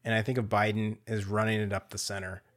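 A man co-hosting a podcast, talking politics in a laid-back, drawn-out way, swearing casually and reaching for sports analogies. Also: fairly low pitch, flat delivery, a bit bright.

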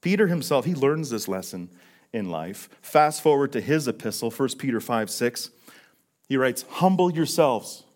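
A man of middle pitch delivers a sermon to his congregation. His voice swings widely, dropping low and quiet, then rising with emphatic force. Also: expressive, moderate pace. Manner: earnest preaching, swinging from hushed to emphatic. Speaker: pastor.

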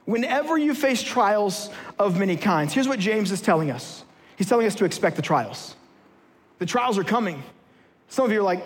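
A man's voice: high voice, animated, moderate pace. A man giving a sermon as a guest preacher, humorous and conversational, playfully acting out everyday scenes for his audience. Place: large church hall with live audience. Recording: long hall reverb.

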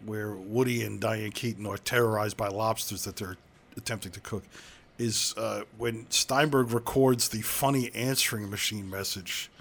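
His voice is lowish and gravelly yet a bit bright, with fairly even intonation and a moderate pace. He's a man co-hosting a laid-back film podcast, recounting the plot in a loose, filler-heavy ramble.

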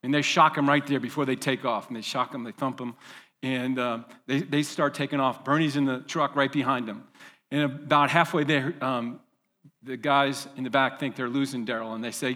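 A man's voice: medium pitch, fairly even intonation, moderate pace, pushed and bright. Male pastor telling a story in a hall. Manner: vivid storyteller with fillers and restarts. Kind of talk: storytelling sermon.

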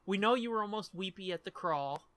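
Bright-voiced man, joking commentary. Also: high-pitched, animated, a little fast, no echo. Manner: joking, profane, asks questions. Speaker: podcast co-host. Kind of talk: casual movie commentary.

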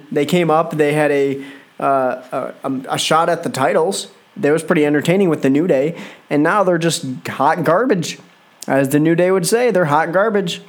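Young man with a higher voice for an exasperated, rambling solo review of a show. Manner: exasperated, rambling, with frequent fillers. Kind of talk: casual solo commentary.

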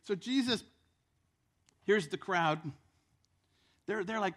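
A male pastor preaching a sermon in church, telling the story with lively acted-out voices. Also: a little high, unhurried, long pauses.

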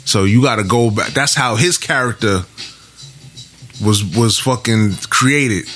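A man's voice: medium pitch, a little slow, fairly bright tone, soft background music. A man in loose, laughing casual chat with a friend, swearing freely and retelling stories with energy.

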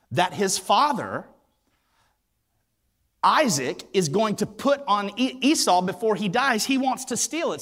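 A man preaching a sermon in a high voice that swings widely up and down. He tells the story with animated acted-out voices and drives each point home through repetition. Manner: emphatic, repeats words for weight. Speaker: pastor.

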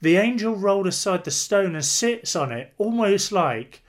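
A man's voice: high voice, expressive, moderate pace. A man preaching a sermon in an earnest, emphatic way, repeating phrases for weight.

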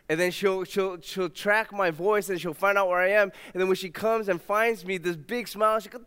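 A pastor in his thirties giving a sermon in a church, telling a family story warmly and moving into prayer. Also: fairly even intonation, moderate pace, clean tone. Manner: warm storytelling, puts on a high toddler voice for his daughter. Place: church sanctuary. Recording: long reverb of a church hall.

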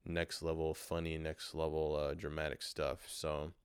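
A man with a very deep, flat voice rambles through a solo podcast, annoyed and cursing freely. His tone is smooth and clear, recorded close and dry into a portable recorder. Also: measured pace, dry recording. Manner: frustrated, swearing, rambling. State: low energy. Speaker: podcast host. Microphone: handheld portable recorder.

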